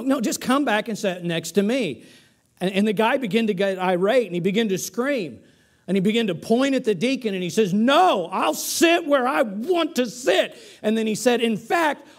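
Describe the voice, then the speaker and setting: A man's voice: high-pitched, darkish tone. A male pastor preaching a sermon, telling stories with frequent restarts and rising to emphatic peaks, recorded in a church sanctuary.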